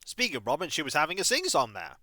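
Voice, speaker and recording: A man's voice: a little high, huge pitch swings, fast. A man chatting wryly to his viewers while playing a game on a live stream. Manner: chatty, wry, talks to chat while playing. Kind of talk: casual live-stream commentary. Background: faint game music.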